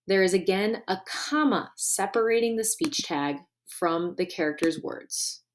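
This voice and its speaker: Brief: woman teacher, deliberate recorded grammar lesson, faint hiss behind. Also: medium pitch. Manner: clear and deliberate, stressing key words.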